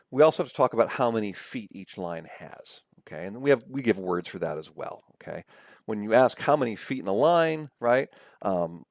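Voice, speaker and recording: Low gravelly male lecturer, dry sound. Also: a little mellow, dry recording. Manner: conversational, frequent "right?" and "okay?" check-ins. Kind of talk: recorded slide lecture.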